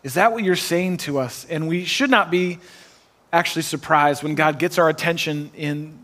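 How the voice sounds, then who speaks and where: A man pastor preaching a sermon in an animated, rising style with self-deprecating humor. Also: fairly high pitch, moderate pace. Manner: animated preaching, builds to shouts.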